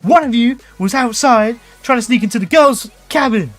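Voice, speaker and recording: Guy doing a squeaky angry teacher lady, suspicious, bouncy voice. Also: lively intonation, normal speed, fairly bright tone, faint music behind. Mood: accusing. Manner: shrill, scolding, suspicious. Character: stern woman teacher catching kids at night.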